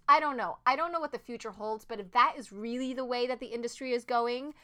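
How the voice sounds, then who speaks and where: A woman who acts on stage, talking as a podcast guest, earnest and animated, with many "like"s and restarts. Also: on the high side, fairly quick, few pauses. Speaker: Broadway actress, podcast guest. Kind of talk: casual interview chat.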